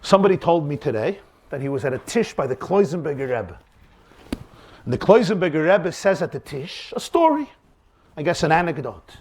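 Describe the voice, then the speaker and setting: A male rabbi delivers a lecture on faith. He tells his stories dramatically and pushes his points with rhetorical questions. His voice sits high and swings widely in pitch. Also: sing-song, brisk, a little mellow. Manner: dramatic storyteller, emphatic and rhetorical. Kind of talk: lecture on faith with acted-out anecdotes.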